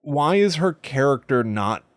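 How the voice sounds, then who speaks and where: A man's voice: mid-range voice, big pitch swings, unhurried, no room sound. A man co-hosting a podcast, chatting casually and wryly as he recaps a film with dry jokes. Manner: wry, chatty, recounting plot with dry jokes. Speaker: podcast co-host. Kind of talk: casual movie-review chat.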